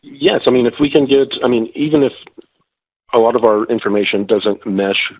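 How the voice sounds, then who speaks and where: A slightly hoarse man calling in by phone as a guest, talking hesitantly with many fillers and restarts. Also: medium pitch, normal speed, no room sound. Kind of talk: phone-in interview. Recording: tinny phone line.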